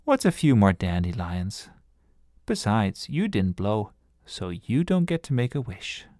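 A man voicing a gentle, kindly older woman. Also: lowish voice, big pitch swings, measured pace, no echo, clean studio sound. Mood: teasing fondly. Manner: gentle, soft-spoken, kindly.

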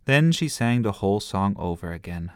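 A man reading a bedtime story aloud in a gentle, lively storytelling manner. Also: lowish voice, moderate pace, clear, resonant tone, no room sound, studio quality.

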